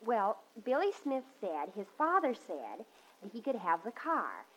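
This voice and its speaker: An actress playing an eager teenage daughter in a 1950s radio comedy, pleading and rushing her words. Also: mid-range voice, huge pitch swings, a bit bright, slightly rough, exaggerated voice, low-quality recording.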